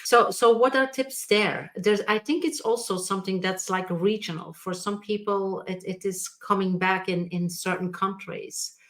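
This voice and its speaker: A woman's voice: medium pitch, steady tone, moderate pace, hardly any pauses, a bit bright. A woman hosting a live interview, encouraging her guest and asking follow-up questions. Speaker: host. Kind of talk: conversational interview.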